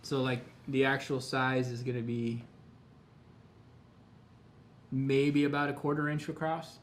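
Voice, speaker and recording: A man hosting a live painting lesson, walking viewers through each brushstroke in an easygoing, talkative manner. His voice sits at an ordinary middle pitch. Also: unhurried, a little hiss or hum. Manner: relaxed, chatty, step-by-step explaining. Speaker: painting instructor. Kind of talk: live tutorial demonstration.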